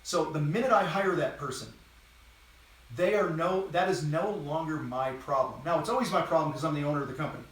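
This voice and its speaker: A man's voice: a little high, brisk, a bit bright. A man hosting a live business training for contractors, talking bluntly and casually with bursts of energy and the odd swear word, while moving around. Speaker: host and business coach for contractors. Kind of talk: live training talk to a camera. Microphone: distant mic, moves around while talking. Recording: very echoey room, voice far from mic.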